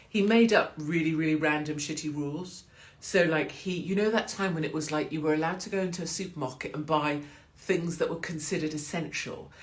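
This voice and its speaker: An English woman hosting a casual live stream for her viewers, chatty and quick to swear and laugh, talking to the camera at home. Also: on the low side. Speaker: livestream host.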